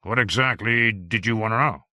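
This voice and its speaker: A man voicing a gray-haired male astrophysicist with a gravelly voice and casual, measured replies. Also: fairly low pitch, pushed and bright, no room sound, studio quality. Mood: matter-of-fact.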